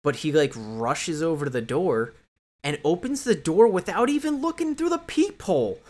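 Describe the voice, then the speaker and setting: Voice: medium pitch, normal speed. A podcast co-host chatting casually about a film, joking and swearing freely. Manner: animated, profane, joking. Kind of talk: casual film recap chat.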